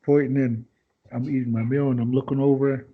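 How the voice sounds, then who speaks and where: A man's voice: mid-range voice, level tone, fairly quick, slightly rough. A man guesting on a podcast who tells rambling anecdotes in casual storytelling style, acting out other people's lines as he goes. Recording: dull lo-fi podcast audio.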